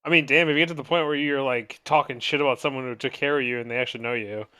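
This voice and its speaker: A man co-hosting a podcast, chiming in with quick jokes in casual chat. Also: mid-range voice, steady tone, bright, forceful tone, clean tone, dry recording. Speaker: podcast co-host.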